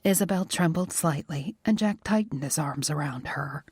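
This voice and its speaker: A woman narrating a romance audiobook in a soft, measured reading. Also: low voice, breathy edge, no echo, studio quality. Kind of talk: scripted narration.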